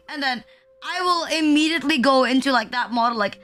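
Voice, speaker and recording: A woman's voice: high voice, brisk, pushed and bright, faint music behind. A young woman from the Philippines, chatting casually on a live stream in a rambling, self-deprecating way full of "like" fillers. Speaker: VTuber streamer.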